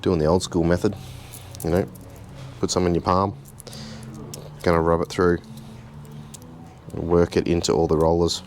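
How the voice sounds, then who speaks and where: A man, casually walking through a car repair in his garage, relaxed and chatty with a self-deprecating streak. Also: sits low, moderate pace, long pauses, slight background noise. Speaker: home mechanic host. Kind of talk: casual how-to narration.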